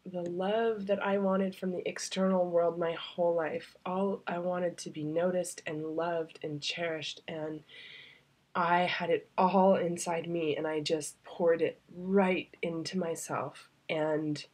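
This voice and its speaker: A travel vlogger tells the camera a personal story, heartfelt and confiding, her phrasing loose and rambling with many fillers and occasionally sinking to a near-whisper. Her voice is lowish, a little mellow and slightly rough, with fairly even intonation and a slow pace.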